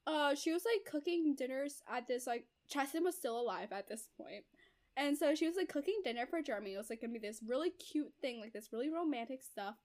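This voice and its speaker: A woman's voice: high-pitched, animated, fairly quick, darkish tone. A young woman co-hosting a casual book chat. She is chatty and peppers her speech with fillers. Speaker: book discussion co-host.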